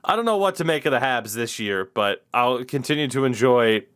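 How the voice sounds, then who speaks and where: A man's voice: mid-range voice, expressive, fairly quick, fairly bright tone, clear, resonant tone. A man hosting a casual podcast, talking in a wry, opinionated, rambling way with lots of fillers. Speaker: podcast host. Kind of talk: casual hockey podcast chat.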